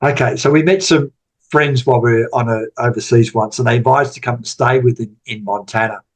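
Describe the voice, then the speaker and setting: A man's voice: mid-range voice, fairly even intonation, fairly quick. A man in his sixties, a podcast guest telling stories in casual talk, rambling and repeating words. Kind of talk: casual storytelling interview.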